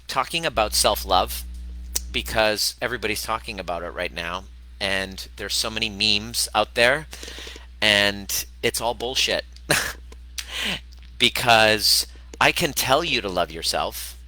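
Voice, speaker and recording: A man with a fairly low voice talks on a casual livestream. His tone is sharp and forceful, and he speaks candidly, swears freely and repeats himself for emphasis. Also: measured pace, rough recording. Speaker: host of a livestream on self-love and healing.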